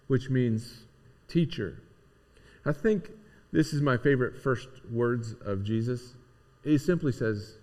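A man's voice: mid-range voice, expressive, measured pace, a little mellow. A man preaching a sermon, earnest and questioning, building up to emphatic peaks. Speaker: pastor. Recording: long hall reverb.

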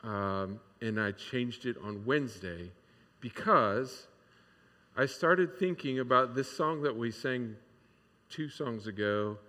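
A man's voice: medium pitch, bright, forceful tone. A man preaching a sermon in a candid, conversational way, with many fillers and restarts. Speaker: pastor. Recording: long hall reverb.

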